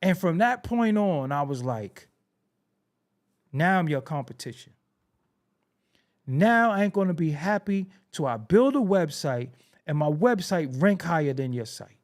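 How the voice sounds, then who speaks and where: A podcast host from New York tells a story in his own words, slipping into the voices of the people in it. His voice sits a little high for a man. He talks casually and swears freely. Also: measured pace, long pauses. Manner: animated, acts out quoted dialogue, swears freely.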